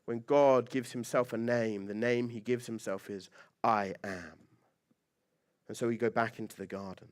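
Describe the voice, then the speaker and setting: A man's voice: medium pitch, steady tone, normal speed. A man preaching a sermon as pastor, conversational and joking, with lots of rhetorical questions.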